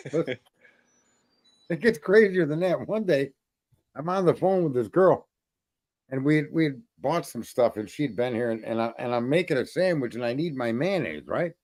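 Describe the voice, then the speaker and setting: A man of middle pitch spins long, crude stories, swearing freely and laughing at himself as he goes. The sound is dry and close, with no room around it. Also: expressive, normal speed, a little mellow, no echo. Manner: profane, rambling anecdotes with laughter. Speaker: host. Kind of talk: crude casual podcast storytelling.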